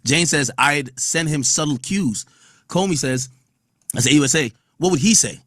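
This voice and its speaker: Husky-voiced man, blunt podcast host. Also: a little high, lively intonation, normal speed, a bit bright, dry recording, studio quality. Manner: blunt, profane, reads quotes aloud and riffs on them. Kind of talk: casual commentary reading court testimony.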